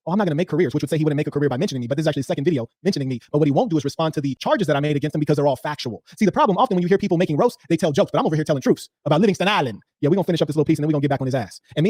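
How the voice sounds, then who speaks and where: Rapid-fire mocking man, high-pitched. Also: mellow, dry recording. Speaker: streamer reacting to a rival's clip. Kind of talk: heated reaction commentary.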